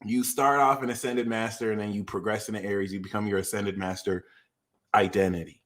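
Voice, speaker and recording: A young man hosting an astrology livestream, ranting animatedly, swinging from shouts to low mutters and swearing freely. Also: level tone, brisk. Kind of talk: casual livestream rant.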